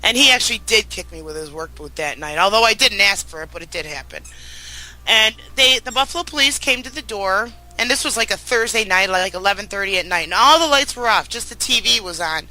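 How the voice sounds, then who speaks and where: A woman's voice: medium pitch, expressive, a little fast, bright, forceful tone, rough recording. A middle-aged woman speaking as a guest, telling her personal story in an earnest, emotional way with frequent restarts.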